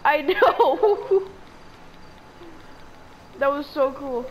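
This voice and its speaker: A woman's voice: high-pitched, expressive, extremely slow. A woman playing a video game with a friend, joking, cursing and yelping in mock panic. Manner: playful, profane, yelps in mock panic. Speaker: gamer. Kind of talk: casual gaming banter. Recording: noisy game audio behind voice.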